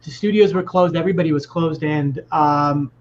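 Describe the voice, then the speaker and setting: A film composer explaining his remote work on a video call, relaxed and matter-of-fact. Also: on the high side, moderate pace. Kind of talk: casual chat on a video call. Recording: muffled lo-fi with faint hiss.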